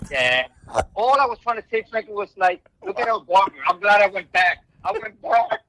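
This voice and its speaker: A man calling into a podcast by phone, chatting excitably with loud bursts. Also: high voice, moderate pace. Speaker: friend calling in. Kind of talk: casual chat. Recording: phone call over speaker.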